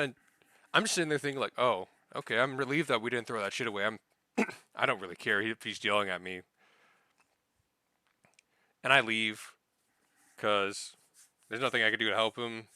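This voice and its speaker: A young man spins a rambling, profanity-laced story about his week at work, now and then acting out what other people said. His voice is bright and crisp, and the recording is dry and close. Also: mid-range voice, fairly quick, dry recording. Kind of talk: casual spoken anecdote.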